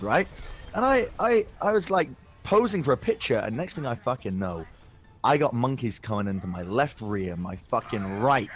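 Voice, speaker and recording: A young man telling a story in casual chat, animated and sweary, with lots of stumbling restarts. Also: fairly high pitch. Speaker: podcast co-host.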